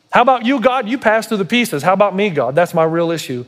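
Man, preacher, high-pitched, emphatic, sermon. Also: animated, fast, few pauses. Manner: preaches with rising emphatic intensity; acts out quoted prayers and God's words. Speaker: pastor.

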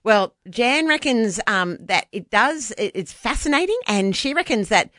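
A woman's voice: a little high, animated, a little slow, fairly bright tone, dry recording. A woman, hosting breakfast radio in a chatty, laughing way from a studio microphone. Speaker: radio host.

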